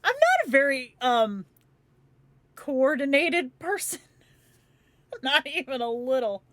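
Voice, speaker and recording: A woman who grew up in Phoenix chats loosely with her livestream viewers. She laughs easily and swears without a second thought. Her voice sits a bit high and sounds dry and close. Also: big pitch swings, slow pace, a bit bright, dry recording. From Phoenix, Arizona, USA. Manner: chatty, laughs often, swears freely, says "yo". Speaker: livestream host. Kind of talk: casual chat with live viewers.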